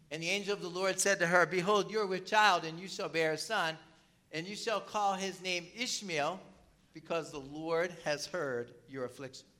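A man delivers a morning sermon, reading passages aloud and unpacking them for the congregation. His voice sits high and cuts through brightly. A tickle in his throat keeps him coughing and clearing it as he goes. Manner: reads scripture aloud then explains it. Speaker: pastor.

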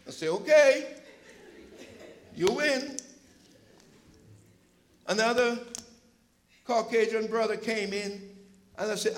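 A male preacher giving an impassioned sermon, telling stories from his church's food pantry and at times rising to a shout. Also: sits high, slow pace, pauses often, poor audio. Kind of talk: sermon with storytelling.

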